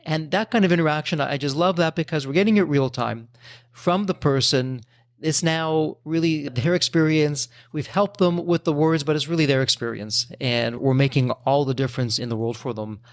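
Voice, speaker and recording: A man's voice: a little high, moderate pace, dry recording, studio quality. A man hosting a podcast, recapping his guest's points and speaking directly to listeners. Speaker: podcast host. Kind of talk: casual interview chat.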